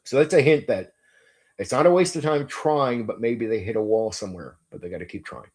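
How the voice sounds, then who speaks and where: A man's voice: mid-range voice, a little fast. A man hosting a casual stream about running tabletop games, enthusiastic and emphatic, swearing freely and repeating words as he thinks aloud. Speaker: game master and channel host.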